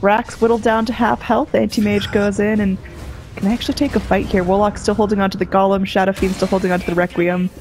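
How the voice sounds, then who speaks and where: A woman casting a live video game match with relaxed, chatty play-by-play. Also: mid-range voice, fast, soft background music. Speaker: esports caster.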